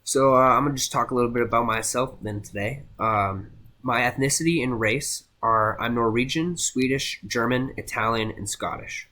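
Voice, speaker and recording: A young man giving a casual class presentation, halting with many fillers and restarts. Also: mid-range voice, bright, forceful tone. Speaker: student presenter.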